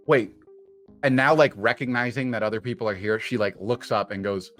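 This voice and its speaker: A man narrating as game master of a tabletop game, relaxed and unhurried. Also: fairly low pitch, faint music behind.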